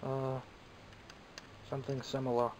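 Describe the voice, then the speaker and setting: A man's voice: medium pitch, monotone, measured pace, a little mellow, slight background noise, low-quality recording. A man with a Scottish accent, chatting casually and self-mockingly while showing off toys he bought. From Scotland. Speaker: toy collector vlogger. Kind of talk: casual show-and-tell vlog.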